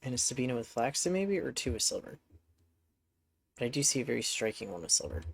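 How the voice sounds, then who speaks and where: Guy streaming a horse game, stuffy nose, just rambling and chatting to his horses, middle pitch. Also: big pitch swings, fast talker, creaky, husky, no echo. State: congested. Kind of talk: casual gameplay commentary.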